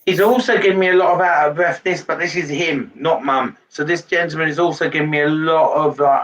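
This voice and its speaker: Halting man, distant and muffled. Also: on the high side, steady tone, a bit bright. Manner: halting, relays messages with many pauses and fillers. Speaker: medium giving a reading. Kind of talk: live spirit reading to a sitter. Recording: distant mic, dull lo-fi sound.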